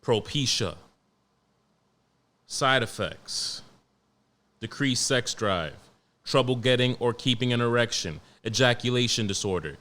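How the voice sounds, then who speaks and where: A man in his late twenties hosting a podcast alone, talking in a profane, rambling, animated way. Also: mid-range voice, unhurried, pauses often. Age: 20s. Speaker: podcast host. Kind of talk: casual solo podcast rant.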